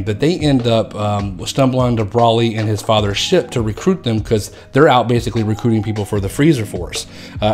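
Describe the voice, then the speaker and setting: A man's voice: mid-range voice, darkish tone. Rambling, profane man retelling a movie. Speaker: movie reviewer. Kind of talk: casual spoken review.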